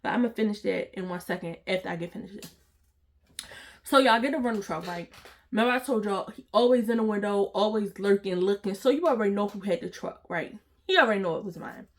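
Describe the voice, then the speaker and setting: A woman's voice: medium pitch, fast talker. A woman, dramatically telling a storytime vlog and talking straight to her viewers with slang. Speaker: storytime vlogger.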